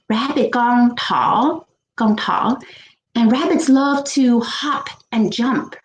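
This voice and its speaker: A woman children's librarian leading a bilingual storytime, slow and playful, with gasps and animal sounds. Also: fairly high pitch, reverberant, rough recording.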